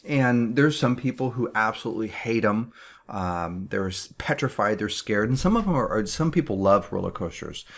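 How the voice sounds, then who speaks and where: Guy coaching contractors, lowish voice, earnest, keeps repeating himself. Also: lively intonation, moderate pace. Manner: earnest, repeats words, fillers. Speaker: business coach. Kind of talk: motivational talk.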